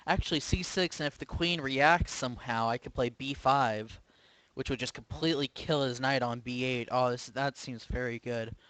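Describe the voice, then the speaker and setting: A man's voice: mid-range voice, normal speed, a bit bright, no room sound, poor audio. A man commentating his own online chess game live, thinking aloud with hesitant, self-questioning remarks. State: sleepy, yawning. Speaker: chess streamer.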